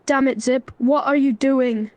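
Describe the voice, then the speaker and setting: A woman's voice: high-pitched, fairly even intonation, unhurried, a little mellow, dry recording. Synthetic woman voicing a stern young man. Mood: scolding. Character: stern young man trying to stop a fight. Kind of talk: AI role-play chatbot voice.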